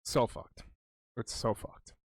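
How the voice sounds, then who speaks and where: A man co-hosting a podcast, talking casually, swearing constantly and rambling excitably. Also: slow pace, no room sound. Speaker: podcast co-host. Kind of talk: casual chat.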